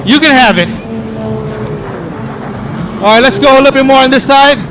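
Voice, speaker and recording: A man's voice: very high voice, moderate pace, over music, poor audio. A man working a crowd at an outdoor race event on a handheld mic, counting down and calling for cheers. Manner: energetic, counts down and calls for cheers. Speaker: crowd hype host. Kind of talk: live event crowd work.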